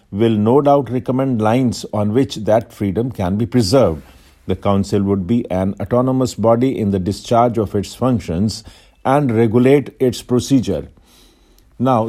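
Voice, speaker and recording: A man reading a formal passage as shorthand dictation, in an even, measured way with clear phrase breaks. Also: fairly low pitch. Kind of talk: steady dictation reading at set speed.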